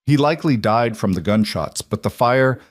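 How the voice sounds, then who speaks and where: A man voicing a male coroner who speaks gently and matter-of-factly. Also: medium pitch, animated, moderate pace, no room sound, natural voice. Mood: somber.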